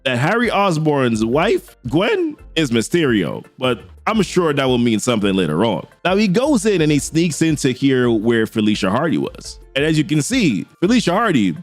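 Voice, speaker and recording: Lively casual comic recap man. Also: mid-range voice, normal speed, few pauses, faint music behind. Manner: chatty, acts out every character's lines. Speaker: comic book recap host. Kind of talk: casual comic story breakdown.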